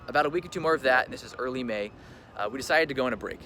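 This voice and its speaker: A young male vlogger with a medium-pitched voice talks very fast, telling a personal story in a casual vlog. He's chatty, says "like" constantly, and acts out what people said, over loud background ambience.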